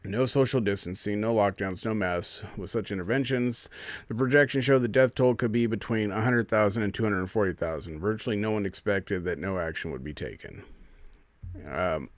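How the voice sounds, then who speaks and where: A man's voice: on the low side, moderate pace, dry recording. A man hosting a live stream, reading out a news fact check and arguing with it in an indignant, sarcastic running commentary.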